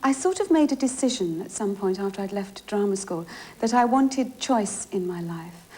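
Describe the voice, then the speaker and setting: A woman's voice: medium pitch, animated, normal speed, mellow, husky. A chatty woman with a London East End accent, a guest on a television chat show. She laughs easily as she answers. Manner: chatty, laughs often, switches between accents.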